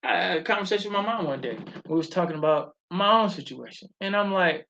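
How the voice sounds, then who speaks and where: A middle-aged man, telling stories in an animated, preachy way as a live show host. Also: sits high, fast, gravelly, hardly any pauses. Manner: animated storytelling, preachy and emphatic. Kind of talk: casual live-stream talk. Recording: dull lo-fi stream audio.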